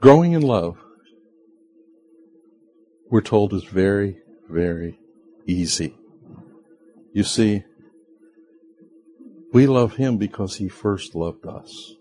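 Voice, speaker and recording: Slow, earnest male preacher. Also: animated, dark tone, slight background noise. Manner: slow, earnest preaching with sudden rises in pitch and volume; acts out quoted voices of listeners. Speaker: pastor. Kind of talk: sermon.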